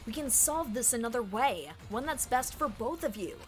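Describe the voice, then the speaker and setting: A woman's voice: on the high side, animated, moderate pace, music in the background. Playful woman streamer reading game dialogue. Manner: playful, laughs often, reads lines dramatically.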